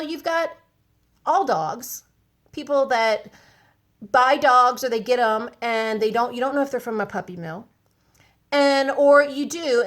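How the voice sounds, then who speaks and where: Woman vlogger, fairly high voice, chatty and rambling, phone-recorded casual storytelling. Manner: chatty, animated, rambling with asides.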